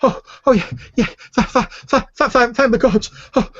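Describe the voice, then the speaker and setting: A woman's voice: moderate pace, breathy edge, dry recording, highs cut off. A man voicing an elderly, frightened human woman who stammers and shrieks. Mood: frantic relief. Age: older. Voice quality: stammering, shrill and loud.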